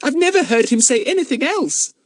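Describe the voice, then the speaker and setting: A man's voice: extremely high pitch, animated, brisk, no room sound, clean studio sound, pitched above the performer's own voice. A man reading an audiobook, voicing a small young girl with a plaintive tone.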